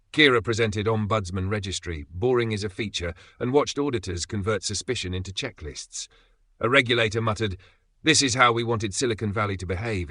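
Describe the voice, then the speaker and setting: A man reading an audiobook in an even, measured narration. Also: fairly low pitch, no room sound.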